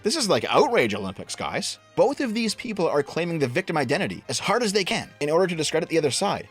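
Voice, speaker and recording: A man's voice: a little high, sing-song, fast, few pauses, breathy edge, faint music behind. A young man narrating an online drama commentary in a blunt, sarcastic, exasperated way.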